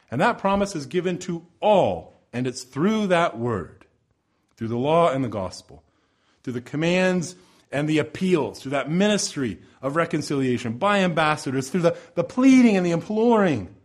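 Impassioned male preacher with lively pitch. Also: moderate pace. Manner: impassioned, swinging between loud pleading and soft low asides. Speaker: pastor. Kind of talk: sermon. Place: church with a sound system. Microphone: church sound system microphone.

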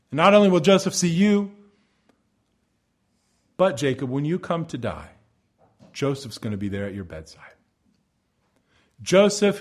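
Earnest preaching man, slightly high voice. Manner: earnest, expository preaching with emphatic rises and soft drops. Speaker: pastor. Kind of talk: sermon.

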